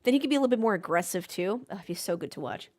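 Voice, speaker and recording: A woman's voice: medium pitch, lively intonation, very fast, darkish tone. A woman streaming a race watchalong, talking casually into a desk mic. She jokes around and answers her live chat in a playful, chatty way.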